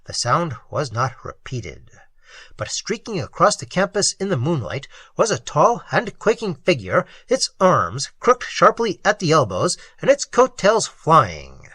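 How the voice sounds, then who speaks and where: A man narrating an audiobook in a dramatic, expressive way. His voice is husky, a bit higher than average, and swings widely in pitch. The recording is dry and close, with no room sound. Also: unhurried, dry recording. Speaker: audiobook reader.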